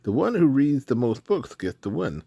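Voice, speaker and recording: A man's voice: medium pitch, very animated, moderate pace, creaky, warm tone, breathy edge, no echo, dull audio, exaggerated voice. A man voicing a stubborn little girl who is eager to prove herself in a children's story reading. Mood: earnest.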